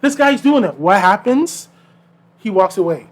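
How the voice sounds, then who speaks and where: Speaking a little slowly in a high-pitched voice, a man co-hosting a podcast recounts stories casually. He brings them to life by acting out each person he quotes.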